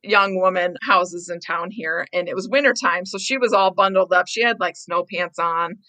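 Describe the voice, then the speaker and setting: A woman's voice: on the low side, normal speed, pushed and bright, dry recording, poor audio. A woman from the Upper Midwest, a realtor guest, telling a story casually and acting out the quoted voices. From Southwest Wisconsin. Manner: acts out quoted voices, laughs often.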